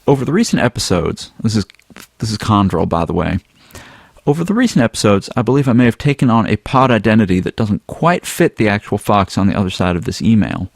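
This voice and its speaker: A man with a lowish voice hosts a podcast, loose and rambling as he reads a listener's email aloud. The sound is close and dry. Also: brisk, vocal fry, dry recording. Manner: relaxed, rambling, with some filler words. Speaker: podcast host. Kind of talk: casual podcast chat, reading a listener email.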